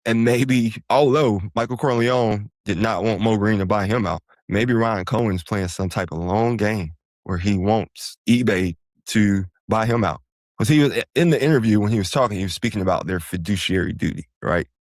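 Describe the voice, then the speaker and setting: A man's voice: on the low side, moderate pace, dry recording, studio quality. A man hosting a podcast, explaining money matters in a casual, rambling way that wanders off and corrects itself. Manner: rambling, digressive, self-correcting. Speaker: podcast host. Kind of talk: casual solo finance explainer.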